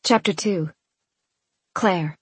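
A woman narrates a novel in the first person with a wry, lively touch. Her voice is a little husky and slightly low, recorded dry and close with no room around it. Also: extremely slow, no room sound. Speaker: audiobook narrator.

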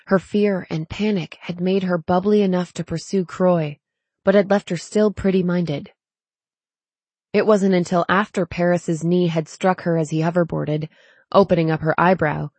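A woman narrating a novel as an audiobook in a measured, steady way. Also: lowish voice, dry recording. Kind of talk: scripted narration.

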